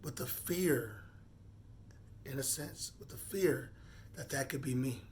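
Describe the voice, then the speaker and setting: A man in his forties speaking off the cuff in a personal monologue, earnest and halting, often repeating words as he gathers his thoughts. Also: medium pitch, expressive, a little hiss or hum. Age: 40s. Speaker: vlogger.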